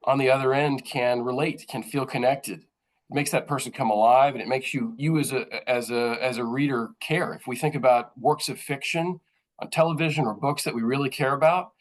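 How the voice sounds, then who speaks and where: A man speaks as a journalist presenting to colleagues, his voice sitting at an ordinary middle pitch. He talks in an earnest, thoughtful way, pausing on fillers and restarting phrases as he works through his points. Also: steady tone, rough recording. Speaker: journalist speaking at a training session.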